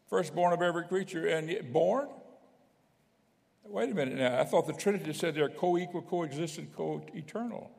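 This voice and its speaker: A man's voice: on the high side, lively intonation, moderate pace, creaky. A man preaching a sermon as a bishop, emphatic, with stumbling restarts and frequent checks that the congregation is following. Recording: long hall reverb.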